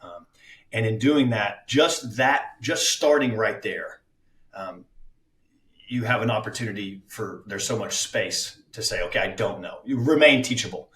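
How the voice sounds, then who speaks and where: A man with a fairly low voice talks about his acting craft in a relaxed podcast chat. He is reflective and often stops to restart his thoughts. The sound carries a noticeable room echo. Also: unhurried, recorded from a distance. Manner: reflective, with many fillers and restarts. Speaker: actor guest. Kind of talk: casual podcast interview.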